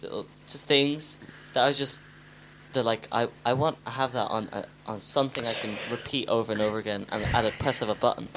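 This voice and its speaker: A man's voice: medium pitch, a little fast, fairly bright tone, slight background noise. A man co-hosting a podcast with his sister, chatting hesitantly and teasing her dryly. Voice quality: hesitant, full of restarts, dry teasing. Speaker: podcast co-host. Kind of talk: casual chat.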